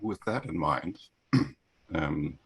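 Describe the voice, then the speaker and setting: A man playing a tabletop game, calmly laying out a plan. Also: very deep voice, slightly rough. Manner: measured, planning aloud. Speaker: player.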